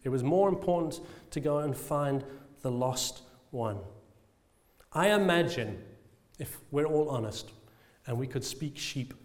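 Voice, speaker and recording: A British man with an animated mid-range voice preaches a passionate sermon in a large hall. He asks rhetorical questions and slowly draws out key phrases for emphasis.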